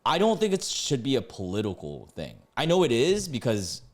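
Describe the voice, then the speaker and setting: A man in his twenties reads online posts aloud and reacts to them with excitable rants. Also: moderate pace. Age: 20s. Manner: excitable, ranting, sudden jumps in pitch. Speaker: YouTuber reading Reddit posts.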